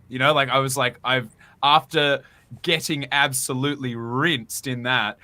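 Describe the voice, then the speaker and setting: A man with an Australian accent, a guest in a casual chat, telling stories in an animated, self-mocking way. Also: mid-range voice, unhurried.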